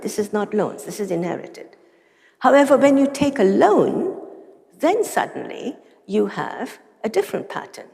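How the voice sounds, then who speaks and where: Speaking in a large lecture hall with a long echo, this woman delivers an academic conference lecture full of dry wit and offhand remarks. Her mid-range voice is creaky with a darkish tone.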